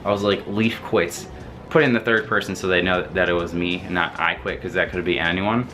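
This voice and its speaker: A young man telling a story in a casual, animated way, laughing often and swearing freely. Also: low-pitched, quick pace. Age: young adult. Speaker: vlogger.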